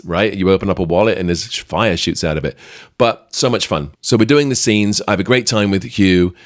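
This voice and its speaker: A middle-aged British man hosting a podcast, chatting lively through a behind-the-scenes anecdote with plenty of fillers. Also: low-pitched, no room sound, clean studio sound. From Britain. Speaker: podcast host. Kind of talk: storytelling anecdote.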